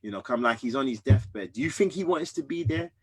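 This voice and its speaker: A man in his thirties, a podcast guest, candidly telling a personal story in an earnest, emphatic way that swings between loud and hushed. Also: medium pitch, expressive, a little fast, noisy background.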